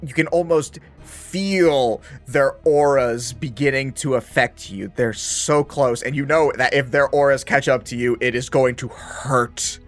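A man's voice: medium pitch, a little slow, few pauses, faint music behind. Man narrating a tabletop game. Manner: vivid, playful narration with laughs. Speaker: game master.

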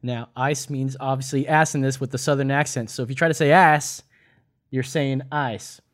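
A man's voice: mid-range voice, fairly even intonation, normal speed. A man hosting a quiz game among friends, joking and swearing as he explains answers. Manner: joking, profane, explains at length. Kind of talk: casual podcast chat.

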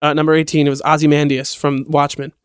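A man's voice: on the high side, flat delivery, quick pace, clean tone, no room sound, studio quality. A young man co-hosting a podcast in casual chat, blunt and swearing often. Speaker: podcast co-host.

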